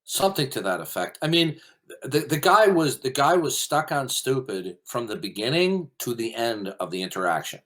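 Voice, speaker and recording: A man's voice: medium pitch, big pitch swings, moderate pace, fairly bright tone. A man hosting a heated online voice-chat debate, lecturing emphatically and interrupting with repeated questions. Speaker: debate host.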